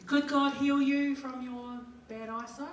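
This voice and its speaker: A woman's voice: high-pitched, fairly even intonation, a little slow, slight background noise. A middle-aged woman with a New Zealand accent gives a chatty, humorous conference talk, acting out little dialogues. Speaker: conference speaker. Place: conference hall. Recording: very echoey hall from a distance. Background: audience laughing.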